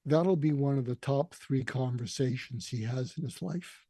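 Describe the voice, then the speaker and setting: At normal speed, an older man who is a guest tells a heartfelt personal story with emotion, often citing other people's words. The dry, close recording captures his gravelly, husky voice and its dark, mellow quality.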